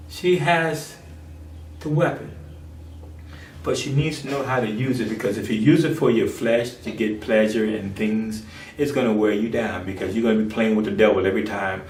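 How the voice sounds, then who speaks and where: A man preaching a sermon from his home office, impassioned and swinging between loud and hushed delivery. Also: lowish voice, normal speed, reverberant, distant mic, slight background noise.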